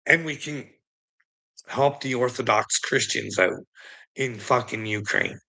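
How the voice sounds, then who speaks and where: A man from Canada rants in a loose, unscripted monologue, his voice bright and forceful. He swears freely, wanders off mid-sentence and lets out short laughs between points. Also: mid-range voice, a little slow, vocal fry, long pauses. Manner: profane, rambling, laughs between remarks. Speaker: political commentary host. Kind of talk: casual ranting monologue.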